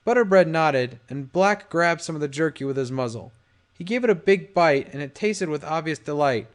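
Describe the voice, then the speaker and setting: Brief: male storyteller, high-voiced, animated reading of fan fiction. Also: moderate pace. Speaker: audiobook narrator. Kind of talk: fan audiobook narration.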